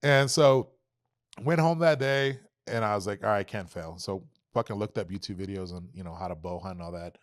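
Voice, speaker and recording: A young adult man, a podcast guest, telling an animated, profane story and acting out quoted dialogue. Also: fairly low pitch, brisk, no echo, studio quality. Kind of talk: casual storytelling.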